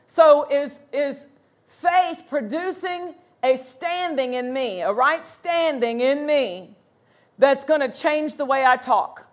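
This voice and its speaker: A woman pastor preaching a sermon, emphatic, slowing down to quote scripture and breaking into bursts of excitement. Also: high voice.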